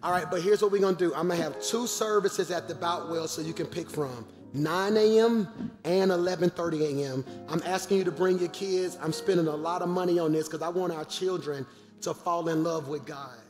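A man, a pastor making lively announcements to his congregation from the pulpit. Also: fairly high pitch, fairly quick, big-room sound, faint music behind. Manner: animated, calls out to the congregation. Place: large church auditorium.

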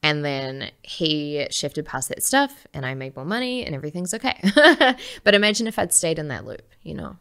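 A woman guest on a podcast, telling a personal story in a lively way, laughing often and acting out the voices she quotes. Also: low-pitched, normal speed, hardly any pauses, clean tone.

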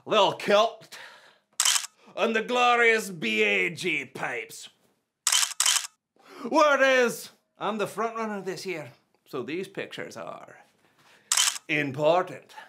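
A man voicing a boastful, excitable Scottish rapper character with a put-on Scottish accent in a kids' church comedy skit. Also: high voice, vocal fry, a little hiss or hum, full character voice. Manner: boastful, flustered, quick to laugh.

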